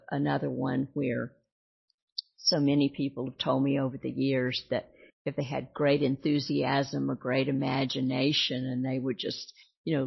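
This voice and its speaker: A woman's voice: low voice, creaky, breathy edge. A woman teaching a class, explaining her points over and over and asking rhetorical questions, in a dull lo-fi recording. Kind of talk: teaching talk.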